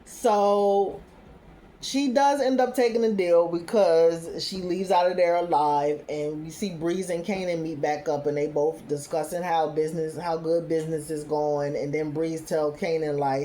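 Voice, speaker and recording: A woman talks through a TV episode in a laid-back recap, quoting characters in her own voice. Her voice sits low and sounds mellow and dark. There's a faint hiss of noise behind her. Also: fairly even intonation, measured pace. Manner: retells scenes loosely, quoting characters, with frequent "you know what I'm saying". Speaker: TV recap host.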